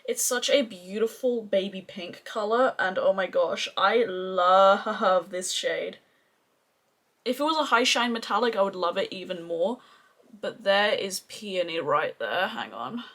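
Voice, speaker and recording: A woman's voice: medium pitch, expressive, moderate pace, a bit bright. A woman with an Australian accent gushes in a chatty, casual makeup review. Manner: gushing, chatty, effusive. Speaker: beauty vlogger.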